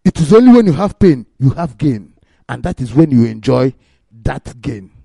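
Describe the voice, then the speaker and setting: A man's voice: medium pitch, sing-song, moderate pace, creaky, dark tone, husky, no room sound. A man, giving an emphatic speech that mixes Igbo and English. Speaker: speaker at a radio meeting.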